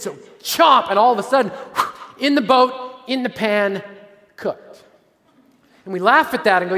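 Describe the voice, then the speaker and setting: A man preaching a sermon as pastor, earnest, repeating himself and dropping to a low hush for emphasis. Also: expressive, normal speed. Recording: long hall reverb.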